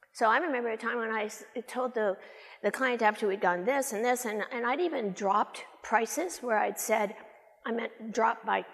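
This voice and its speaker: Higher-voiced woman telling sales stories in a hall. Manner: storytelling, acts out clients' voices, laughs often. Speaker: photography business educator. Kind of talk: conference talk with acted anecdotes. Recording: long hall reverb.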